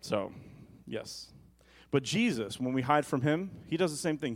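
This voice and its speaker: A man preaching a sermon as pastor, rising to loud emphatic lines and slipping into joking asides. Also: fairly high pitch, lively intonation, unhurried.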